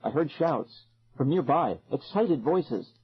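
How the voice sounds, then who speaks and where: A man narrates a horror audiobook in the first person, with a husky, breathy voice and a lively, swinging delivery. The audio is dull and lo-fi, like an older recording. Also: on the high side, slow pace. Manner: dramatic, expressive.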